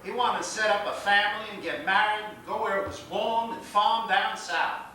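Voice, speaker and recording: A man performs a folksy Southern old-timer spinning family yarns in a bright, high voice with a Southern drawl. The mic sits far off in a very echoey room, as in a classroom monologue. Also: steady tone, moderate pace, slight background noise. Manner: folksy storytelling with rural grammar. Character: folksy older Southern man proud of his soldiering kin. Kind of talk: theatrical monologue for an acting class. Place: classroom or small stage.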